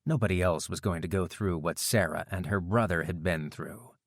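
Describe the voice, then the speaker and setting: A male audiobook narrator with a low, grounded voice and steady, measured delivery. The recording is dry and close. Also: dry recording. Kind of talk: scripted narration.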